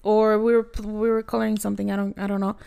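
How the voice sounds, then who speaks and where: A woman's voice: mid-range voice, little pitch movement, fast talker, vocal fry, dark tone, smooth. A young woman casually telling a story from her school days as a podcast co-host, acting out the voices of the people in it and laughing often.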